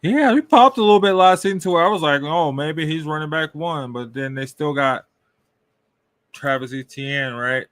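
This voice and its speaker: A man with a slightly high, fairly bright voice talks briskly with few pauses, recorded with no echo. He's hosting a casual fantasy football podcast, rambling loosely and regularly tossing in questions, "right?", "I don't know," and shrugging asides.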